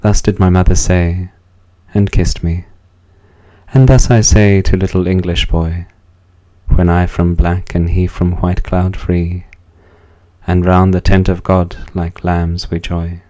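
Male poetry reader: very low, flat delivery, dark mellow tone, solemn. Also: takes it slowly. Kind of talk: slow, measured poetry recitation.

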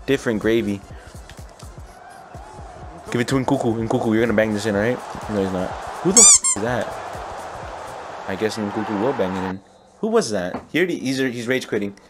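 A young man giving excited live commentary while playing a football video game, cheering his players and laughing often. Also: lowish voice. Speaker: gaming YouTuber.

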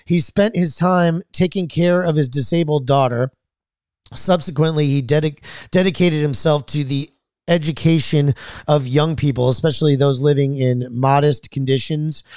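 A man's voice: a little high, steady tone, moderate pace, a little mellow, smooth, dry recording, clean studio sound. Man reading saint stories on a podcast. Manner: reads aloud, stumbles on names, then adds loose comments. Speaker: podcast host.

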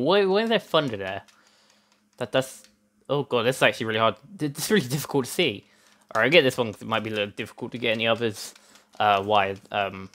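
His voice sits fairly low and a bit bright as this young man comments on gameplay in his let's play. He's chatty and rambling, restarting his sentences constantly, and seems hot, sweaty, and somewhat out of breath.

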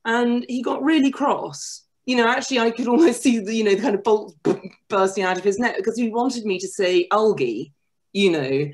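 A woman author speaking on a webinar panel over a video call, animated and self-deprecating, often restarting her sentences. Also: medium pitch, moderate pace, background noise.

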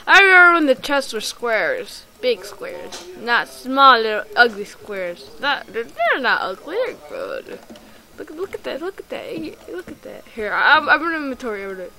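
A woman giving rambling, excitable let's play commentary while gaming, full of ums and restarts. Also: fairly high pitch, moderate pace, low-quality recording. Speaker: gamer.

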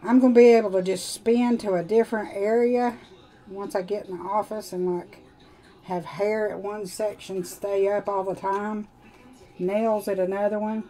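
A woman's voice: medium pitch, steady tone, normal speed, mellow, rough recording. A woman with a Southern country twang, chatting casually with viewers while she does her nails on a live stream. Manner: chatty, rambling, talks to viewers while working. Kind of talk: casual live demo chat.

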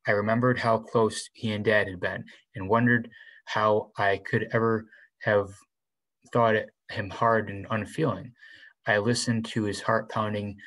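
Man reading a novel aloud, lowish voice. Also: flat delivery, unhurried, fairly bright tone, rough recording. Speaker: reader.

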